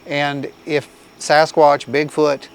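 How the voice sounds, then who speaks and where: A man's voice: fairly high pitch, flat delivery, takes it slowly, vocal fry, clean tone, low-quality recording. Man reasoning aloud in an interview. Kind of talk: documentary interview.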